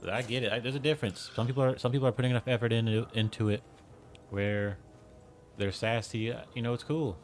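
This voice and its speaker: Rambling low-voiced male streamer. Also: a little hiss or hum. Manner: rambling, heavy use of "like", chuckles often. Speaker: game streamer. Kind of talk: casual rambling stream chat.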